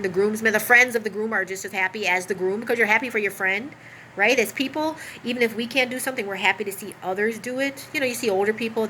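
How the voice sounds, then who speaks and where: A woman with a bright, forceful voice recounts a painful personal story, talking in a loose, animated way with plenty of asides. A faint hiss of noise sits under her voice. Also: medium pitch, poor audio. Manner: animated, rambling, with many asides and fillers. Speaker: vlogger telling a personal story.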